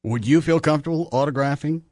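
A man's voice: on the high side, fast talker, a little mellow, dry recording, clean studio sound. A man with a Texan accent hosting a radio talk show, joking with his co-host and reading out listener emails. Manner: joking, laughs often, reads emails aloud. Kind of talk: casual radio banter.

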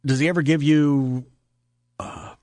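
A man hosting a radio show, trading crude jokes and mimicking people in quick banter. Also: a little high, fairly even intonation, darkish tone, dry recording, clean studio sound.

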